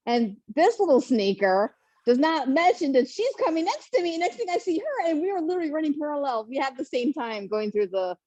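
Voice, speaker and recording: Woman panelist, animated storyteller, dry muffled sound, mid pitch. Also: brisk, dry recording. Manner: animated, laughing, acts out quotes. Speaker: panelist, first-time marathoner.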